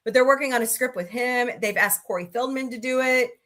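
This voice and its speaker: A middle-aged woman hosts a casual livestream talk show. Her voice sits a little high and rings bright and forceful. She chats loosely, greets viewers by name and slips in sarcastic asides. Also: fairly quick.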